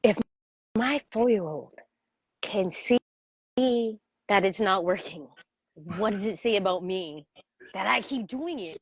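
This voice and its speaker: A woman's voice: mid-range voice, slow, pauses often, breathy edge, no room sound. Woman coach telling stories on a call. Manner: animated storyteller, laughs often, acts out voices. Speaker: parenting coach, guest. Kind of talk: casual interview conversation. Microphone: video call. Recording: dry, dull video-call audio.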